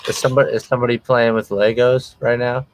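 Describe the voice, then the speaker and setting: A man's voice: medium pitch, level tone, fast, a little hiss or hum. A man co-hosting a casual wrestling watch-along, joking around and laughing often. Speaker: podcast co-host.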